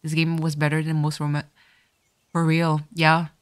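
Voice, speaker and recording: A woman's voice: sits low, monotone, unhurried, clean tone, no echo, studio quality. A woman streamer giving casual let's-play commentary, reading the game's text aloud and then getting tearful and swearing.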